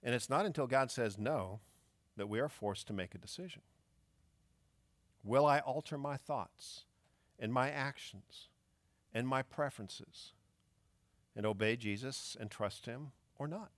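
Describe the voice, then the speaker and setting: A man's voice: mid-range voice, unhurried, long pauses, dry recording. A man preaching a sermon as pastor, emphatic and fond of rhetorical questions.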